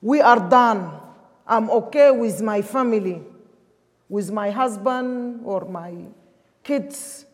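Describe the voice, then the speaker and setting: A woman's voice: a little high, slow pace. A woman from Sudan, preaching a sermon emphatically in English. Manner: emphatic, with non-native English grammar. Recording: long hall reverb.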